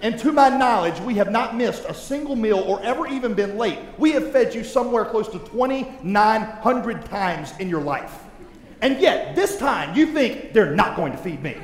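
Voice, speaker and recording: Animated preacher in an echoey hall. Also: male voice, sits high, normal speed. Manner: animated, humorous storytelling with acted-out voices. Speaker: pastor. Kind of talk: sermon. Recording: echoey hall with long reverb.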